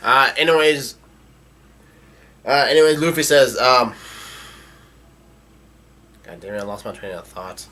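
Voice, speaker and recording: A man's voice: mid-range voice, lively intonation, a little slow, long pauses, bright, forceful tone. A man casually narrating a comic read-along on a live stream, stumbling and restarting often.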